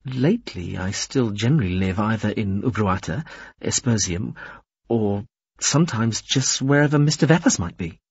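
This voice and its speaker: A man's voice: lowish voice, lively intonation, normal speed, husky, no room sound, highs cut off, full character voice. A man reading the part of an uneasy young woman who speaks hesitantly.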